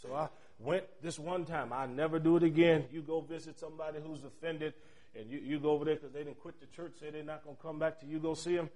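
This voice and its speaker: A middle-aged male pastor giving a sermon. He tells stories in a chatty way, and his loudness swings from shouting to near murmurs. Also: a little high, fairly even intonation, quick pace. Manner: storytelling, with chatty asides.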